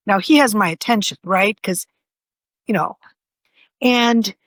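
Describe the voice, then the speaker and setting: An older woman, an author, telling personal stories in a conversation with animated expression. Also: mid-range voice, no echo. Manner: animated, vividly acts out voices in her stories. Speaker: author and podcast guest.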